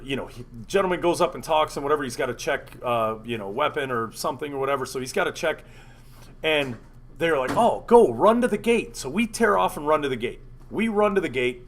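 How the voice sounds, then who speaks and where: A man tells a story to friends on a casual talk show. He swears freely and his fairly high voice swoops up and down with energy. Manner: animated, profane, acts out quotes. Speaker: podcast host.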